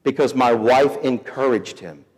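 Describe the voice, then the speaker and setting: A man in his fifties telling a story as a sermon to students, folksy and animated, acting out the people he quotes. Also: mid-range voice, a little slow, breathy edge. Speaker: week of prayer speaker. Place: school chapel or auditorium. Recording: hall reverb.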